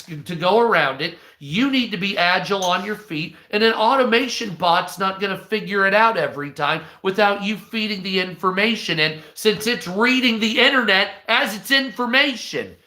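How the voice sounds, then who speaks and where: High, bright-voiced man ranting. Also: roomy sound. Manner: profane, animated, acts out quoted voices. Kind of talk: casual ranting commentary.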